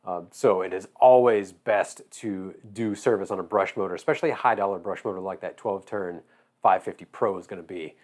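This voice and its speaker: A man from Georgia with a Southern accent, his voice going hoarse, chatting casually and rambling while he builds a model. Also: low voice, brisk. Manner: relaxed, rambling, drawling. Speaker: hobby shop owner.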